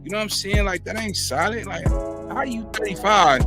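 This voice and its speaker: Slangy man riffing over loud music. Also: moderate pace. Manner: loose street slang, frequent "you know what I'm saying"; preachy, drifting from high to low pitch. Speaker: commentary host. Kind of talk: casual reaction commentary.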